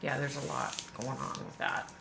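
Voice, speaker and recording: A woman's voice: rumbling low, very animated, moderate pace, gravelly, pushed and bright, reverberant, slight background noise. A woman hosting a live stream, talking casually and emphatically straight to her viewers. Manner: chatty and emphatic, addresses viewers directly. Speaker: livestream host.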